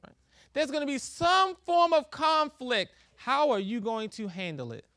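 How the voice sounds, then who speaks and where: A man preaching, chatty and easygoing as he delivers his sermon. His voice is bright and his pitch moves animatedly. The sound is dry and close. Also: expressive, unhurried, no room sound. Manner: conversational, laughs often, acts out quoted exchanges. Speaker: pastor.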